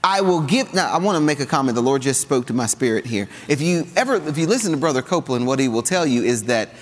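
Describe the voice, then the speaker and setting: A man from the American South with a Southern drawl, preaching a sermon in an animated, conversational way with humor and call-and-response. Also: medium pitch, quick pace. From Southern United States. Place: church sanctuary. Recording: long hall reverb.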